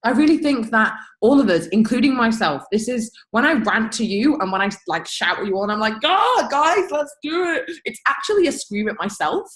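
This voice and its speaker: A young woman leading her team over a video call, giving an energetic, blunt motivational rant with swearing and laughter. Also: fairly high pitch, brisk, hardly any pauses, low-quality recording. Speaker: team leader.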